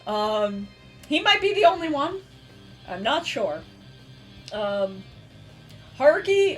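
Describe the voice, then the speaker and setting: A woman streamer in casual chat, animated and swearing freely with many fillers. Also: high-pitched, slow, pauses often, soft background music.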